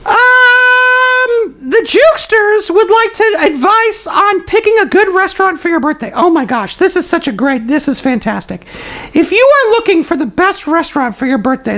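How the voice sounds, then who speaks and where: With a very high-pitched, sharp, heavily acted voice, a man plays a zany toilet paper roll puppet hosting a comedic live stream. It chats with viewers through hesitant fillers while handing out absurd life advice in a matter-of-fact manner.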